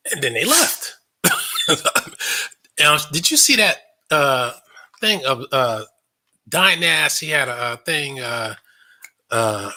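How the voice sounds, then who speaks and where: A man's voice: mid-range voice, bright, forceful tone, husky. A man hosting a casual commentary monologue, blunt and sarcastic, swearing freely and laughing often. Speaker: online show host.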